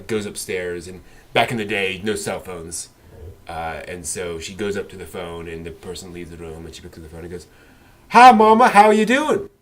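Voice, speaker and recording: Rambling man with a lowish voice. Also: fairly bright tone, a little hiss or hum. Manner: rambling, many fillers and restarts. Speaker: podcast co-host. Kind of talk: casual anime discussion.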